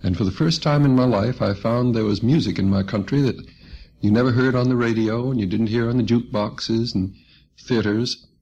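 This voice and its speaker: A man's voice: mid-range voice, a little fast, darkish tone, slightly rough. A man being interviewed as a folk musician in a radio studio, telling stories in a folksy way and acting out quoted voices. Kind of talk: relaxed storytelling radio interview. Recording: muffled old radio recording.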